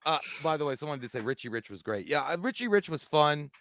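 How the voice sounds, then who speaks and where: A man's voice: fairly high pitch, big pitch swings, fast talker, a bit bright. A man co-hosting a live-streamed movie chat, rambling casually and quoting film lines. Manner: rambling, quotes movie lines in put-on voices. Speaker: podcast co-host.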